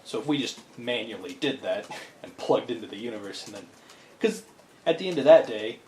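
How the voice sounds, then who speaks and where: A man co-hosting a podcast rambles enthusiastically in casual chat, often restarting his thoughts. His mid-range, slightly mellow voice moves fairly quickly with lively intonation. The room is echoey with faint ambience, plus a little hiss or hum.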